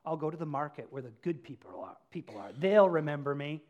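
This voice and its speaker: A man voicing a proud male donkey who is furious at being ignored and shouts to be noticed. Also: fairly high pitch, lively intonation, fairly quick, dull audio, pitched below the performer's own voice, close to an everyday voice. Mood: smug. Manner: cross, shouting in a raised voice. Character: proud indignant male donkey, craving attention.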